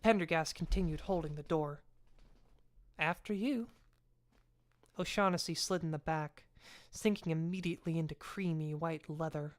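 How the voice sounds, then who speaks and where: A woman reading a novel aloud in a steady, even storytelling voice. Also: sits low, a little fast. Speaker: audiobook reader.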